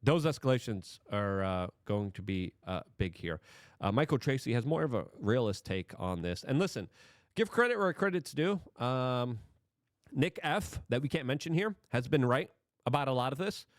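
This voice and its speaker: A man's voice: medium pitch, lively intonation, normal speed, no echo, studio quality. A man hosting political commentary, talking emphatically and firing off rhetorical questions.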